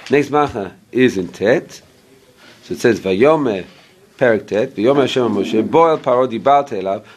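A man teaching an informal Bible class, explaining verse by verse and checking in with listeners, sometimes stopping to hunt for an English word. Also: mid-range voice. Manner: pauses to search for English words. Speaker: Torah teacher.

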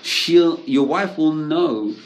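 A man's voice: a little high, takes it slowly. A man giving an informal religious talk as a teacher, conversational, often checking in with "right?" and mixing in Hebrew terms. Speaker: Torah teacher.

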